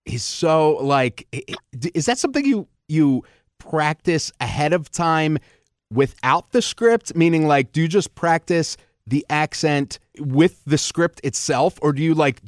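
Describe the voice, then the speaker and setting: A man's voice: a little high, lively intonation, measured pace, no echo. Brief: male host, rambling and laugh-prone, dry close sound. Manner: rambling, restarts questions, laughs often. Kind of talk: casual interview chat.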